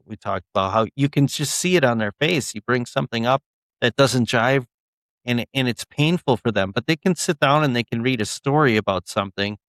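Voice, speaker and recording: A man's voice: medium pitch, fairly quick, fairly bright tone, dry recording. A young man, an author guest in a casual interview, speaking earnestly with frequent ums and restarts.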